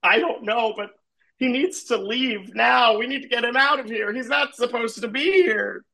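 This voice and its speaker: A man's voice: very high voice, moderate pace, creaky, sharp tone, pitched above the performer's own voice, heavily acted, rough recording. A man voicing a small, distressed jungle creature who urgently wants an intruder gone. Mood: alarmed. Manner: panicky, urgent.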